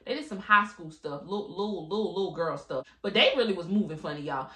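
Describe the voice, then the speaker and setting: Chatty bright-voiced woman in her late twenties. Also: lowish voice, fast, roomy sound. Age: late 20s. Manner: chatty, animated, slangy and candid. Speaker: podcast host. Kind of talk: casual solo podcast chat.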